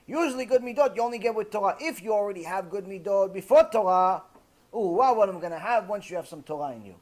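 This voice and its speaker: A man's voice: high-pitched, expressive, quick pace. A man doing an urging young wife. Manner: insistent, encouraging. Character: devoted young wife urging her husband on.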